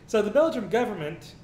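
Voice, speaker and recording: Ranting man in an echoey room. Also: darkish tone. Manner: ranting, profane, reads news items aloud. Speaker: co-host. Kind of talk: casual news commentary. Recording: echoey room with faint rumble.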